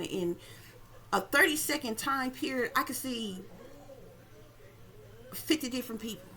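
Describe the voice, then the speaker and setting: A woman's voice: mid-range voice, slight background noise. Blunt, profane woman talking to viewers. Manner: blunt, profane, animated storytelling with frequent asides to viewers. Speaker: psychic tarot reader. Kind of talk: casual monologue to viewers.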